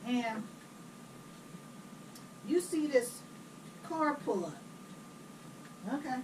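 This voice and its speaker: Woman, middle-aged, chatty storyteller, high voice, distant camera mic. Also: very slow, slight background noise. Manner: blunt, chatty, animated retelling. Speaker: home cook telling family stories. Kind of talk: casual storytelling while cooking. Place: home kitchen.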